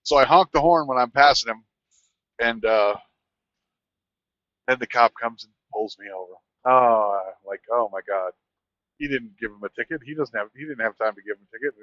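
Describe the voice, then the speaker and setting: A man, a truck driver, telling a rambling, animated anecdote in casual conversation. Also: medium pitch, fairly quick, dry recording, muffled recording. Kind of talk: casual storytelling.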